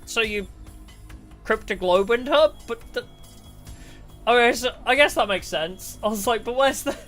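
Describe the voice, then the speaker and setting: A woman streamer chats casually while playing a story game, her bright voice bouncing high and low. She is blunt and swears freely. Soft music plays faintly behind her. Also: animated, a little slow.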